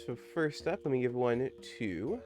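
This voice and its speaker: A man hosts a relaxed live game stream in an upbeat, playful way. His voice sits at an ordinary pitch, and soft game music hums faintly behind him. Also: moderate pace. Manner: upbeat, playful, reads game text aloud. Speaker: streamer host. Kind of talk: casual live-stream chat while gaming.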